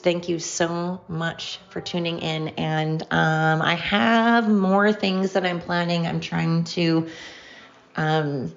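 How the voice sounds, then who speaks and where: A woman's voice: on the low side, fairly even intonation, slow, gravelly. A middle-aged woman hosting her own podcast, talking in a rambling, chatty, upbeat way. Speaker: podcast host. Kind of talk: casual solo podcast monologue. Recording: dull lo-fi home recording.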